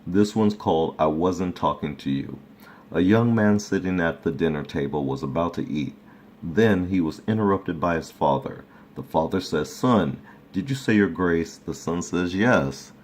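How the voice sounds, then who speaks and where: Low deep guy reading jokes out loud, chill, laughs at his own stuff. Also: normal speed, slight background noise. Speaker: reader of folk tales. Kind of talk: casual read-aloud storytelling.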